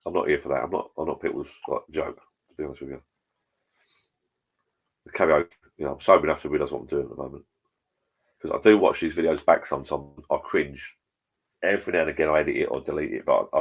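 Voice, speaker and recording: A man's voice: very deep voice, creaky, husky. A middle-aged man hosting a live stream, chatting bluntly with plenty of swearing and reading out viewer comments. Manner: blunt, sweary, rambling pub talk.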